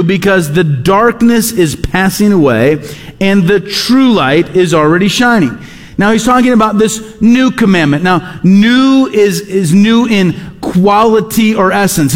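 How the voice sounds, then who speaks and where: A man's voice: high voice, long reverb tail. A man preaching a sermon, earnestly repeating key phrases and reading scripture aloud. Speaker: pastor.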